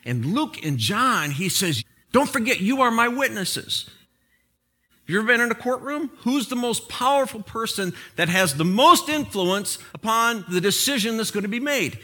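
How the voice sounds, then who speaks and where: A man's voice: sits high, normal speed. A man preaching a sermon, opening in prayer and telling a humorous story before turning to the message. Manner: animated storytelling with prayer and jokes. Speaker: pastor.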